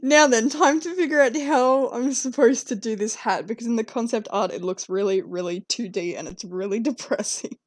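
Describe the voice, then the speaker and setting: Drawing fan art live, a young woman rambles casually, giggles, and chats with her cats. Her voice is on the high side at a moderate pace with hardly any pauses, and the recording is dry.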